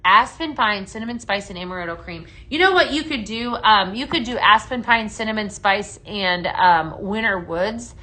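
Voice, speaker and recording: Bright-voiced lady hosting a live sales stream, chatty and gushy, lots of ums. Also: medium pitch, animated, moderate pace, hardly any pauses. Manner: gushing, chatty, many fillers, reads viewer comments aloud. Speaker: live shopping show host. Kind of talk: live product demo chat.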